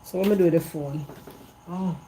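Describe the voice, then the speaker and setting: This is a Jamaican woman vlogging casually outdoors in an evening breeze, her patois gossip full of emphatic repetition. Her voice runs on the low side with a dark tone at normal speed, and there's slight background noise.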